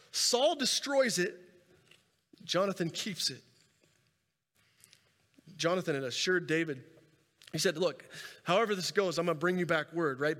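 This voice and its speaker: A man preaching a sermon and telling a scripture story with animated delivery, swinging between loud and soft and repeating words as he goes. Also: sits high. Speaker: pastor. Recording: reverberant hall sound.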